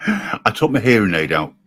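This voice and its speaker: A man with a low voice hosting a relaxed live stream over a video call. His speech is halting, full of fillers and restarts. He speaks in an easy, conversational tone. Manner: hesitant, many fillers and restarts. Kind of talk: casual chat.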